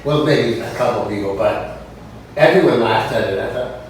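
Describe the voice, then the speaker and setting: A man telling stories from his stage career, animated and chatty, and he slips into singing bits and voicing other people. He sits some distance from the mic in a very roomy, echoing room with a soft hiss underneath. His pitch sits in an ordinary middle range. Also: normal speed. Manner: animated storyteller, acts out dialogue and sings snatches. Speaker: interviewee, stage performer. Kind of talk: casual anecdote telling.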